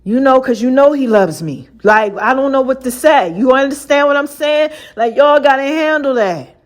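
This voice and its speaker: A woman with a fairly high voice hosts her own podcast in a relaxed solo monologue. She talks loosely in slang and laughs often. She acts out the other voices in her stories herself. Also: moderate pace. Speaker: podcast host.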